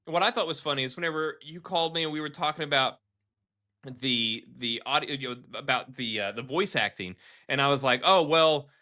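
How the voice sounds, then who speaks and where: A man co-hosting a casual gaming podcast, talking in an animated, rambling way with many restarts. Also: medium pitch, fairly quick. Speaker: podcast co-host.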